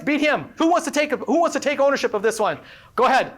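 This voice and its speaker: High-pitched, energetic woman presenter. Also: fast talker. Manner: energetic, playful, quizzing the audience. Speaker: workshop presenter and professor. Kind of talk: interactive workshop talk to a live audience. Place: live event before an audience.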